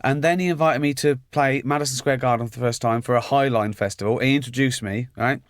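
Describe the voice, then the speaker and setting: A man chatting as a guest, telling animated anecdotes and acting out the quoted lines. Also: medium pitch, fast talker, no echo, studio quality. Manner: animated storyteller, acts out quotes. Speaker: comedian and guest. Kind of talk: anecdotal chat.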